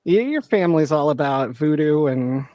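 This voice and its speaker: A man's voice: fairly high pitch, animated, normal speed, darkish tone. A man hosting a podcast who asks questions in a teasing, playful way. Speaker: podcast host. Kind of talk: casual chat.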